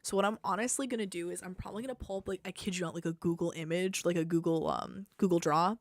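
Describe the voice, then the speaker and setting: A woman's voice: lowish voice, fairly even intonation, quick pace, no room sound. Woman muttering through a game design. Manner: thinking aloud, trailing off into quiet mutters. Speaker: game dev streamer. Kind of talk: live-streamed coding and design talk. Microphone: desk microphone. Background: keyboard typing and clicks.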